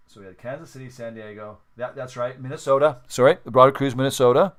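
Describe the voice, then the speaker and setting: A man's voice: medium pitch, fast talker. A man hosting a sports card break livestream, talking casually, counting steps aloud and apologizing for slip-ups. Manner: chatty, apologetic self-corrections, counts aloud.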